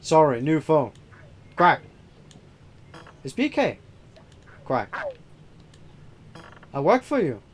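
A man reading and voicing game dialogue in a casual let's-play, halting over lines with fillers and laughs. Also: on the high side, wildly swooping pitch, a little mellow, a little hiss or hum.

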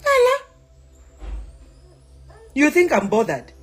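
A woman's voice: high-pitched, big pitch swings, normal speed, fairly bright tone, faint music behind. A Zambian woman ranting on her vlog, scolding someone, switching between English and local words with mocking repeats. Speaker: social media influencer. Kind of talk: heated vlog rant.

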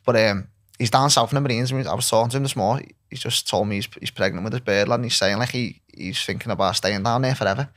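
A man's voice: fairly low pitch, fast, fairly bright tone. A man with a Liverpool Scouse accent, a guest on a casual podcast, talking in a laid-back way and dropping "lad" and "yeah" all through. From Liverpool, England.

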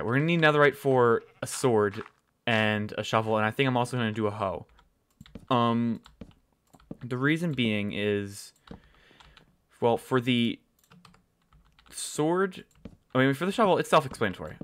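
A man's voice: medium pitch, fairly bright tone, clean tone. Rambling, swearing young-sounding gamer man. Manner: rambling, swears often, loses his train of thought. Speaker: gaming channel host. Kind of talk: casual gameplay commentary.

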